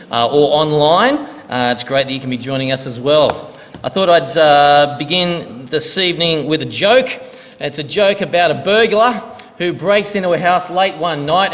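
A man's voice: a little high, a bit bright. A male minister giving a sermon in a church, in a conversational preaching manner with a joke to open. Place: church hall. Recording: long hall reverb.

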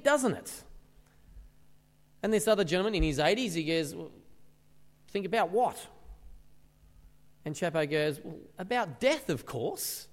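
A man delivers a sermon with a fairly high voice that rises and falls freely. He keeps it conversational and throws rhetorical questions at his listeners. The sound is captured in a church hall with a long, lingering reverb. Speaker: pastor. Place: church service.

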